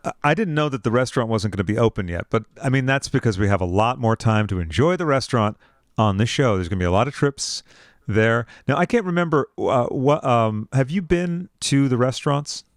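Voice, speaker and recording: A man's voice: medium pitch, a little fast, no echo. Guy hosting a podcast, chatty, does little quoted bits, dry close mic. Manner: chatty, quotes himself in animated asides. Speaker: podcast host. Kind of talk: casual chat.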